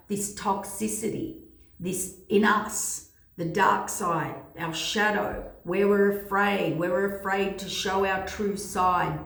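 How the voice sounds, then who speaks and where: A woman delivering a casual tarot energy forecast, rambling in repetitive phrases full of fillers. Her voice sits at a middle pitch. It echoes strongly around the room. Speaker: tarot reader. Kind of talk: casual spiritual forecast talk.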